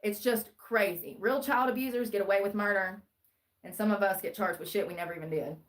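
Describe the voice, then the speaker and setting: A woman's voice: medium pitch, brisk. Rambling sarcastic woman streamer. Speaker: live streamer. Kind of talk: livestream true-crime commentary.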